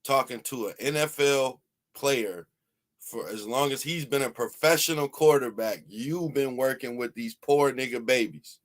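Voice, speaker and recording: A man hosting a reaction show, arguing back in casual commentary with slow, drawn-out emphasis. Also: mid-range voice. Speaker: host reacting to a clip.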